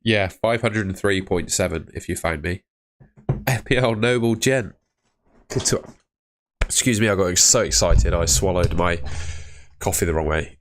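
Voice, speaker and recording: A man with a notably low voice hosts a relaxed live stream. He chats in an upbeat, friendly way, answering viewers by name as he goes. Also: normal speed, pauses often, a little hiss or hum. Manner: chatty, upbeat, talks to chat viewers by name. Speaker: livestream host. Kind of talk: casual live stream chat.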